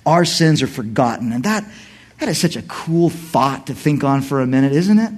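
A middle-aged man preaching a sermon in church, swinging from quiet asides to shouted emphasis. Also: mid-range voice, lively intonation, moderate pace. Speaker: pastor.

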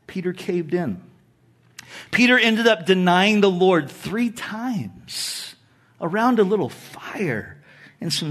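A man preaching a sermon, telling Bible stories with conversational asides and acting out the quoted lines. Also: high voice. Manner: animated, acts out quoted speech, conversational asides. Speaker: pastor.

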